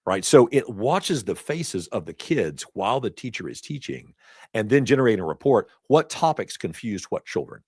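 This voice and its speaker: Low-voiced man teaching a class. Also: very animated, normal speed, a little mellow, slightly rough, dry recording, studio quality. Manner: chatty, storytelling asides with laughs. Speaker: instructor. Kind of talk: casual lecture. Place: classroom or event hall.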